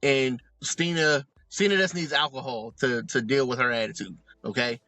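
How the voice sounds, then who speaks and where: A man co-hosting a comedy podcast, talking in an animated, profane, joking way. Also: mid-range voice, moderate pace, dry recording, faint music behind. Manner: animated, profane, joking, does mock voices in asides. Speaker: podcast co-host. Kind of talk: casual comedic commentary. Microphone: remote recording, close mic.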